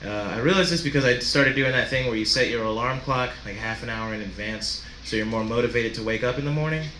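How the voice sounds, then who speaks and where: A man performing a stand-up set in a comedy club, with a low-key, deadpan delivery. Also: quick pace, reverberant, slight background noise.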